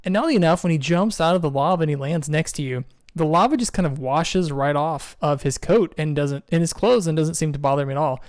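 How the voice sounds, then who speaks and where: A man running a tabletop game as game master, describing scenes in a relaxed way with fillers. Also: fairly high pitch, a little fast, hardly any pauses, no echo, clean studio sound.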